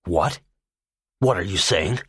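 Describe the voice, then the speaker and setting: A vicious young gunman in an audiobook thriller, spitting venom in a very deep, husky voice, as a male narrator plays him. He sounds hard and cold. The recording is dry and close. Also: animated, slow pace, fairly bright tone, no room sound, full character voice. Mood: alarmed. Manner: menacing, venomous. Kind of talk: audiobook character voice.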